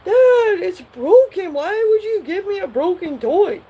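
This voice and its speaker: A woman voicing an upset little kid who complains about a broken toy in a high, wailing voice. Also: lively intonation, unhurried, mellow. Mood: whining.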